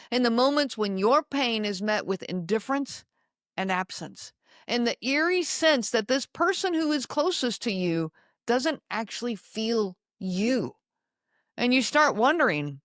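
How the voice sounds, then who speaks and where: A woman hosting a podcast, speaking slowly and emphatically to her listeners and repeating key lines. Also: fairly high pitch, no echo, studio quality. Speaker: podcast host. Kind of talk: solo talk to listeners.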